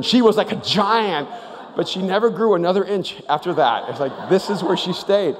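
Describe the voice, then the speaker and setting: Male pastor, high voice, storytelling sermon, long hall reverb. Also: moderate pace. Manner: storytelling with animated asides. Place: large church auditorium.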